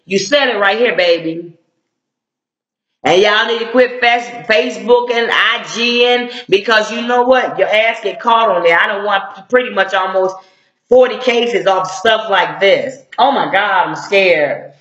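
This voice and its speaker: A middle-aged woman speaking as a civil rights activist, blunt and confrontational, with slangy street talk. Her voice is forceful and sharp. It rings in an echoey room on a dull, lo-fi recording. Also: mid-range voice, unhurried. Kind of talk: impassioned video commentary.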